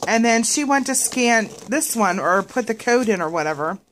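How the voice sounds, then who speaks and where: A woman's voice: on the high side, moderate pace. A woman chatting casually to viewers in a craft vlog, rambling with many fillers and restarts. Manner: animated when retelling a scene. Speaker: craft vlogger.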